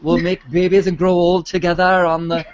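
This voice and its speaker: A man's voice: high voice, level tone, normal speed, a crowd in the background, natural voice. Casting: a man doing a hammy mock-Welsh romantic hero, crooning and over the top, lo-fi. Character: sappy romantic male hero proposing.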